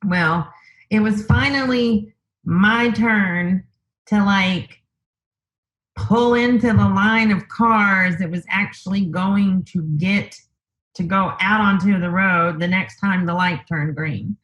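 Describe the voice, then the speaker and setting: A woman guest in a conversational interview, telling a personal story in an unhurried way, thinking aloud with lots of fillers. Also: mid-range voice, fairly bright tone, highs cut off.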